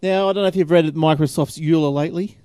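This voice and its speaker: Chatty tech podcast host, a man with a slightly high, warm voice who rambles. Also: fairly even intonation, fast, smooth, dry recording, studio quality. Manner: rambling, chatty, laughs often. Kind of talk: casual tech chat.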